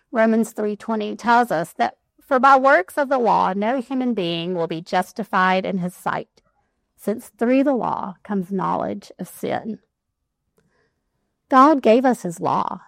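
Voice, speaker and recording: A woman giving a conversational devotional Bible teaching, reading scripture aloud and adding lively asides. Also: mid-range voice, vocal fry, no room sound.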